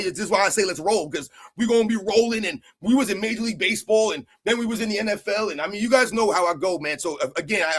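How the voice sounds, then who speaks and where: High-voiced excitable man ranting about sports. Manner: rambling, excitable, peppered with "man" and "like I said". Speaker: sports channel host. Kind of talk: casual solo sports rant to viewers.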